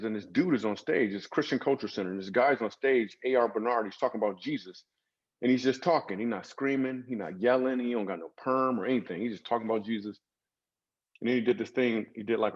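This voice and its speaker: Comedian guest, male, low voice, lo-fi dull sound; loose, comic storytelling. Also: fast talker, slightly rough. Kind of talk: storytelling interview talk.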